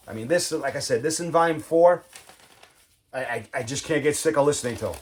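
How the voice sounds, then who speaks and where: A man casually chatting about his record collection, enthusiastic and rambling, humming riffs and often saying "man.". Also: mid-range voice. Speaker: vinyl collector vlogger. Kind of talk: casual chat showing records.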